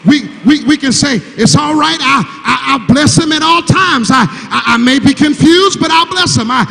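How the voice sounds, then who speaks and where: High, gravelly grieving preacher whooping. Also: male voice, bright, forceful tone, slight background noise. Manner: whooping, repeats words and stammers for emphasis; urges the congregation to answer back. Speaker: preacher, son of the late pastor. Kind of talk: call-and-response sermon. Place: large church sanctuary. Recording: church sanctuary with long reverb.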